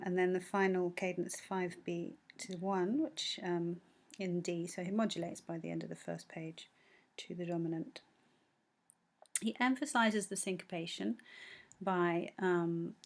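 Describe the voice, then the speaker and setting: A woman with a slightly low voice teaches music, going through a score one bar at a time. She explains patiently, often pausing with "um" and correcting herself mid-sentence, and now and then she sings a few notes of the tune. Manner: frequent ums and self-corrections. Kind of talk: score analysis lesson.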